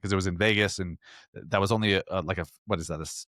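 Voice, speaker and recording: A man's voice: lowish voice, steady tone, quick pace, a bit bright, no room sound, clean studio sound. A man hosting a solo podcast, talking earnestly and emphatically with frequent restarts. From Salt Lake area, US. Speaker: podcast host.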